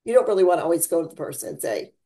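A chatty woman hosting a relaxed faith talk, her voice low and mellow. She rambles and laughs as she goes, with sudden theatrical jumps in pitch and loudness. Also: rapid-fire. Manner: dramatic swings in pitch and volume. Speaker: podcast host. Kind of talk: casual faith chat.

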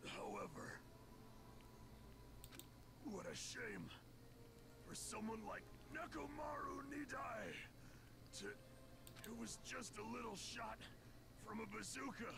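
A big, burly sports manager from a video game speaks in a deeply gravelly, hushed voice, put on by a woman reading the lines aloud. He talks slowly and with weight, fairly high for a man. A steady hiss of noise sits behind him. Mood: hushed, tender.

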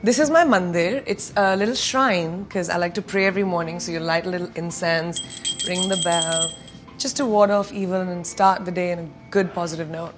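A woman's voice: lowish voice, a little fast. Guest: playful, laughing woman in her thirties from India, faint music behind. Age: 30s. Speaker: celebrity guest. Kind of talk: quick-fire interview answers. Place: indoors at home.

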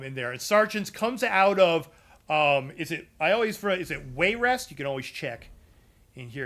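Bright-voiced man chatting through a game build. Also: sits high. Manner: loose and chatty, full of ums and uhs. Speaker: gaming streamer explaining a character build. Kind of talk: casual walkthrough talking to live chat.

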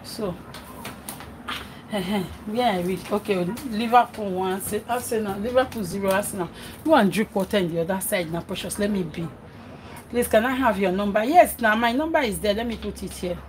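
A woman's voice: medium pitch, normal speed, a little hiss or hum, rough recording. A middle-aged Nigerian woman chatting on a cooking livestream, reading comments aloud and scolding her children between remarks. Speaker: vlogger and mother. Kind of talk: casual cooking livestream chat.

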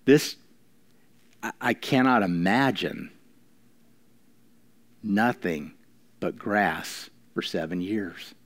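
Male pastor, low voice, preaching in church; emphatic, swings from quiet to raised. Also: animated. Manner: preaching with slowed emphatic lines and sudden quiet drops. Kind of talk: sermon.

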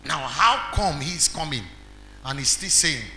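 A male pastor with a Nigerian accent delivers an emphatic sermon, often quizzing the congregation. His voice sits high and swings widely in pitch, with a bright, forceful edge. It rings through a reverberant church hall over faint music. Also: lively intonation, a little slow. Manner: builds to shouts.

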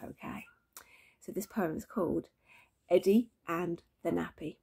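A woman teacher reading a book of poems aloud to her class in lively, expressive storytelling. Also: fairly low pitch, unhurried, creaky, husky. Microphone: phone camera.

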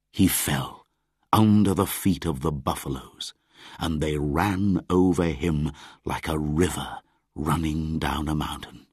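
Male storyteller, low voice, unhurried, measured, storybook narration. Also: breathy edge, dry recording, clean studio sound. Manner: measured, deliberate reading.

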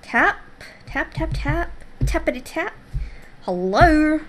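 A woman's voice: high-pitched, lively intonation, slow, rough recording. A woman gamer giving goofy, playful let's-play commentary, humming silly noises as she plays. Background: game music.

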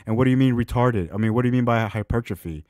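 A man hosting a reaction video, ranting with crude, sarcastic mockery and swinging between loud outbursts and low mumbles. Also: racing, dry recording, clean studio sound. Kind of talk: profane ranting reaction commentary.

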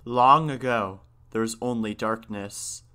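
A young man hosts a folklore podcast, reading a tale aloud and then musing about it in a chatty, self-correcting way. His voice is bright and forward, at a middle pitch. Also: slow, clear, resonant tone. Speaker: podcast host. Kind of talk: folk tale reading and casual commentary.

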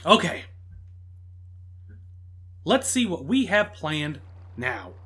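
Man, let's play host: high, bright voice that swings wildly, excitable yelps and groans over faint game music. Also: drawn-out words, husky. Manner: excitable, loud exclamations and groans. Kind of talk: live gameplay commentary.

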